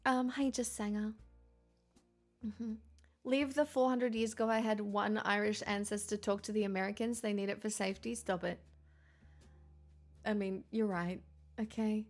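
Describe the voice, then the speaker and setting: A woman's voice: mid-range voice, little pitch movement, measured pace, long pauses, a little mellow, soft background music. A tired Australian woman livestreaming, chatting with viewers, laughing often and swearing freely. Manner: giggly, sweary, rambling. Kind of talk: casual chat reading viewer comments.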